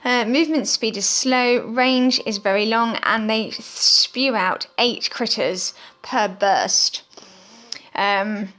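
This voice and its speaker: A woman's voice: fairly high pitch, takes it slowly, fairly bright tone. A woman hosting a gaming channel, giving chatty mobile game commentary with lots of ums and frequent asides to viewers as "guys". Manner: chatty, filler-heavy, addresses viewers as guys.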